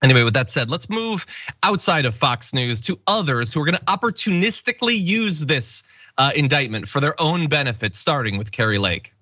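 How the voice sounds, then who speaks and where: Sarcastic guy hosting a news chat show, really animated, kinda bright, dry lo-fi sound. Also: a little high, a little fast, no echo. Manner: sarcastic, emphatic. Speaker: host. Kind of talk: political commentary chat.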